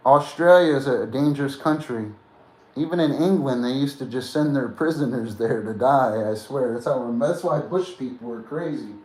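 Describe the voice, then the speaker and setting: Guy rambling on a stream, laid back, keeps saying man and bro, mid pitch. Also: darkish tone. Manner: loose and meandering, peppers talk with "man" and "bro"; chats directly to viewers, greeting them. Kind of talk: rambling casual chat.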